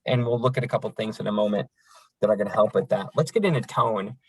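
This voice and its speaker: Running a crisis line training lecture, a man talks in a folksy, conversational style with plenty of fillers. His lowish voice is quick, a little mellow and husky, captured in a dry, rough recording.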